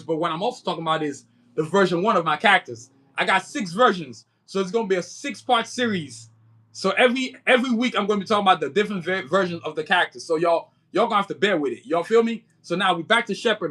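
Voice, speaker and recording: High, bright-voiced man with Nigerian-tinged American accent. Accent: American with a Nigerian touch. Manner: slangy, rambling, keeps saying "you know what I'm saying". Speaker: livestream host and comic creator. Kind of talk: casual livestream chat.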